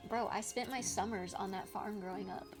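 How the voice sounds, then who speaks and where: A woman's voice: mid-range voice, steady tone, moderate pace. Chatty young woman streaming over music. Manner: chatty, reacts to chat, laughs often. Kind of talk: casual chat with viewers while crafting. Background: background music.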